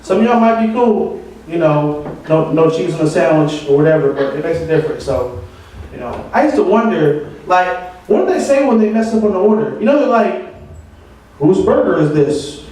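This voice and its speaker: A man's voice: sits high, lively intonation, fairly quick, a little mellow. A man doing rambling, ranting stand-up comedy at an open mic. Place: open mic venue with audience. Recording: echoey room from far off, audience.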